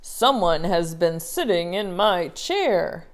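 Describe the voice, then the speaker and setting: A woman voicing a gruff, booming father bear in a storybook reading. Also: big pitch swings, slow.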